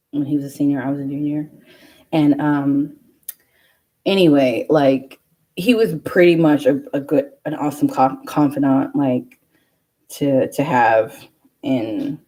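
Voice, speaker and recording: Young woman vlogger with a low, mellow voice, chatty and rambling. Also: steady tone, measured pace, pauses often, low-quality recording. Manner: rambling, chatty storytelling with many fillers. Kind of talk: casual chat.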